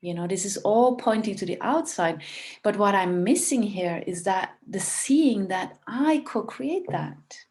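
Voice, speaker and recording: Slow, calm woman teacher. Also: medium pitch. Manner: calm, reflective, unhurried. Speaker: spiritual teacher. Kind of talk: spiritual talk.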